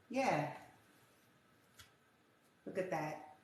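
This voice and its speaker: A woman's voice: fairly low pitch, steady tone, unhurried. A woman giving a casual tarot reading in a blunt, profane, rambling rant. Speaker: tarot reader. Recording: very echoey room with faint hiss.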